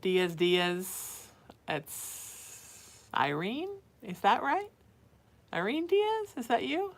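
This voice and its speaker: A woman's voice: mid-range voice, big pitch swings, extremely slow. A woman psychic hosting a casual live stream, reading out viewer names and cooing at her cat between readings. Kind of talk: casual livestream chat.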